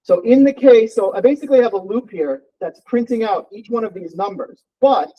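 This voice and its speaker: The audio is dull, and the man's high-pitched voice moves a little fast. Teaching a college programming class in a live coding lecture, he's relaxed and thinks aloud as he types and runs code.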